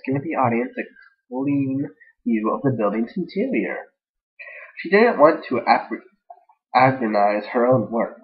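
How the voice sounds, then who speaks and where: Using a dull lo-fi mic at home, a man with a mid-range voice casually reads fan fiction aloud without edits. He rambles, makes jokey asides, and trips over words.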